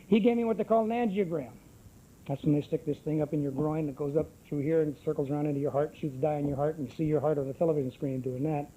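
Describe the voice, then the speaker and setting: A man's voice: on the high side, fast, warm tone, highs cut off, a little hiss or hum. A middle-aged man giving a brash, wisecracking personal testimony at a recovery group meeting. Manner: brash, salty storyteller with wisecracks.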